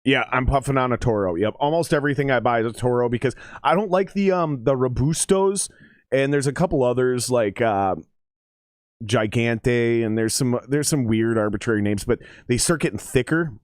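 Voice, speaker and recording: A man's voice: mid-range voice, normal speed, dry recording, clean studio sound. A man chatting casually on a livestream, rambling and swearing with lots of fillers as he comments on a game. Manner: rambling, profane, with many fillers.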